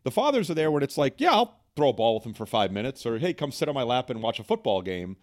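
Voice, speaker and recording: A man's voice: medium pitch, sing-song, fast talker. Rambling middle-aged man, jokey guest. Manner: rambling with many fillers, jokey. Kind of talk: casual chat.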